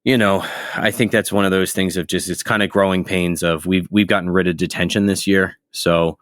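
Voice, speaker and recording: A man co-hosting a podcast in casual chat, relaxed and rambling, with a close mic. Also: low-pitched, normal speed, dry recording. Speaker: podcast co-host.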